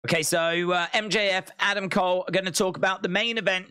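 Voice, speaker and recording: A man hosts a live wrestling watch-along, chatting casually, laughing often and reading viewer comments aloud. His voice is high-pitched, steady, quick, pushed and bright yet smooth, captured in a dry, clean studio recording.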